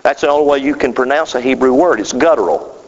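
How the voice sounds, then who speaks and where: Delivering a sermon, this preacher stretches his phrases and hits them hard, his voice lurching abruptly up and down. Long hall reverb hangs over a dull-sounding recording.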